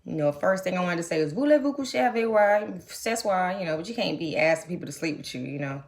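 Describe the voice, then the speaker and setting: A young adult woman from the United States chatting casually to her viewers, telling a trip story in animated, slangy talk. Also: sits low, quick pace. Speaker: vlogger. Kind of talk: casual chat to camera.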